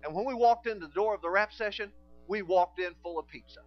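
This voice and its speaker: A man preaching a sermon, telling stories and acting out conversations in quieter voices. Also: sits high, fairly quick, muffled recording, faint music behind. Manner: animated storytelling, acting out dialogue in quiet voices.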